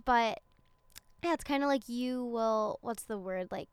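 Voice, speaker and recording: Young woman, podcast co-host, supportive, casual, fairly high voice, dead dry room. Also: a little slow, smooth, no room sound. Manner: warm, supportive listener, casual filler-heavy talk. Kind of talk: casual chat. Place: studio.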